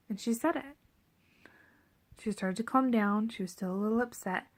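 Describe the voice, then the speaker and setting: A woman's voice: on the high side, moderate pace, pauses often. A pregnant young woman telling a parenting story to camera in a candid, reflective way, often dropping to a near whisper. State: seven and a half months pregnant. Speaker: parenting vlogger.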